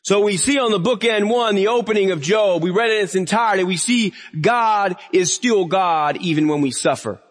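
A man's voice: high voice, moderate pace, few pauses. A man preaching a sermon, earnest and building to emphatic raised lines. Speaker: pastor. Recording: long reverb of a hall.

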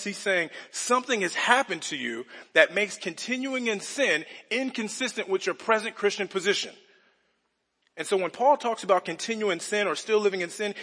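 A long reverb from a large church sanctuary surrounds this male pastor's earnest expository preaching. He asks many rhetorical questions in a bright, slightly husky voice pitched fairly high.

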